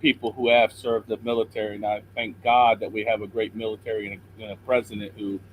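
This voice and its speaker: A man's voice: on the low side, level tone, fast, a little hiss or hum, rough recording. Earnest preachy man on a call. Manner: earnest, preachy, quotes scripture. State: slightly hoarse throat. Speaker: caller. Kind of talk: call-in chat and Bible encouragement.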